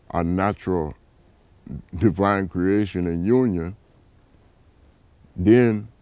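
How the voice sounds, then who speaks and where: A man's voice: sits low, no room sound. A father telling his own story in an interview, acting out past dialogue with animation. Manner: animated, acts out dialogue in a raised voice. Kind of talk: personal account.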